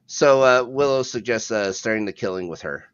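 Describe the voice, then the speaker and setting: A man's voice: medium pitch, moderate pace, clear, resonant tone, dull audio. A man co-hosting a podcast, casually recapping a TV episode in a laid-back, rambling way with a chuckle now and then. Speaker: podcast co-host.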